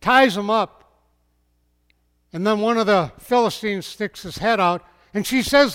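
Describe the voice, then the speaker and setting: A man's voice: sits high, a little slow, fairly bright tone, clean tone. A man preaching a storytelling sermon in a folksy way, speaking directly to his listeners. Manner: folksy, addresses the audience directly. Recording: long hall reverb.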